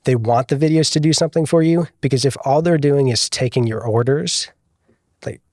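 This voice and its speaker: A man talks through video advice in a loose, easygoing way, sprinkling his sentences with fillers. His voice sits at an ordinary pitch, and the recording is close and dry with no room sound. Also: fairly quick, dry recording. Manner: relaxed, explains with many "like" fillers. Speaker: guest video producer. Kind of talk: casual podcast interview.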